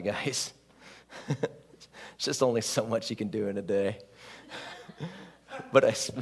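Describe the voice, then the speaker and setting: A male pastor preaching a sermon in an earnest, conversational way, often laughing at his own stories. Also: medium pitch.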